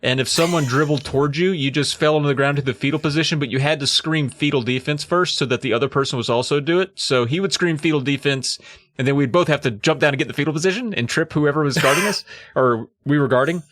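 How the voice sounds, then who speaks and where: A man's voice: on the high side, quick pace, a bit bright, no room sound. A man co-hosting a podcast, retelling a story in a loose, joking way and laughing often. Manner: laughing, jokey, slips into silly voices. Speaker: podcast co-host. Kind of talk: casual chat, retelling a story.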